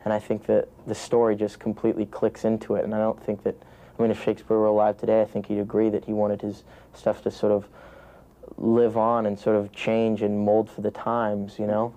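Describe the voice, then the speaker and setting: Flat-voiced young American actor, rambling. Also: male voice, on the low side, brisk. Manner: rambling, many restarts and "you know" fillers. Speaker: actor being interviewed. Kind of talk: press junket interview.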